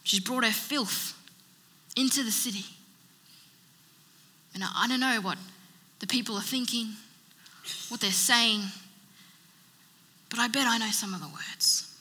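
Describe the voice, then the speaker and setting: A woman's voice: on the high side, a little slow, long pauses, sharp tone, breathy edge. A woman preacher giving a sermon in an emphatic style, building her points through rhythmic repetition. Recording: long reverb of a large hall.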